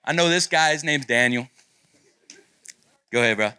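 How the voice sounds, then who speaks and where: A man's voice: medium pitch, normal speed, slight background noise. A man preaching as a guest pastor at a youth retreat, then eagerly hyping up students as they share on a handheld mic. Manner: energetic, encouraging hype man. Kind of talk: sermon and leading audience sharing. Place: large meeting room with students. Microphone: handheld microphone.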